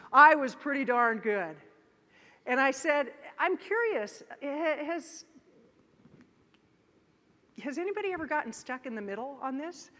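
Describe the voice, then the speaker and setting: A woman delivers a motivational keynote, acting out voices and shouting as she tells her story. Her voice sits a little high and sounds bright and forceful. The sound carries the long echo of a big conference hall. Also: a little slow, pauses often. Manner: animated, acts out voices and shouts in her stories. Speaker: keynote speaker.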